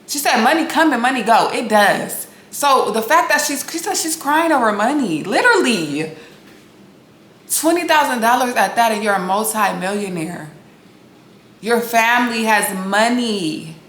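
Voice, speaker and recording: A woman's voice: on the high side, expressive, a little slow, fairly bright tone. Blunt, sassy woman in an echoey room. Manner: blunt, sassy, profane, talks straight to viewers. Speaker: reality TV recap host. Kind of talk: casual opinionated recap. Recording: echoey room with faint noise.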